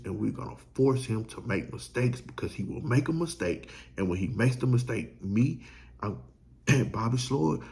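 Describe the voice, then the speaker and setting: A man's voice: mid-range voice, gravelly, darkish tone. A man hosting a sports show, giving a fired-up fan pep talk full of slang.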